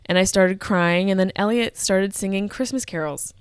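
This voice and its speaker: A woman's voice: medium pitch, normal speed, clean tone, dry recording, clean studio sound. A woman in her thirties telling a personal story as a podcast host, candid, emotional and full of swearing. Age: 30s.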